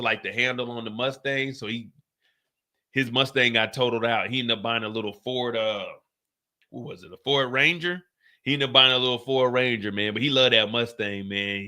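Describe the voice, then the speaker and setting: A middle-aged man hosting a stream, telling a story in a casual, animated way with lots of cursing, raising his voice when he acts out what people said. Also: medium pitch. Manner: animated, profane, acts out quotes in a raised voice. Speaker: streamer host.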